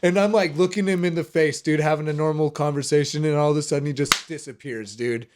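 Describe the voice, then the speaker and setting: A man with a high, bright voice tells stories in a relaxed podcast chat. He laughs often and swears as he retells them with animation. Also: quick pace. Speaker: podcast host. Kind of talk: casual storytelling chat. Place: home studio room.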